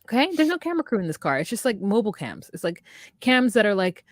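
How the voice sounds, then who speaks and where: A woman co-hosting a podcast in casual chat, recapping a reality show with sassy, animated storytelling. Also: mid-range voice, fast talker, no echo. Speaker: podcast co-host.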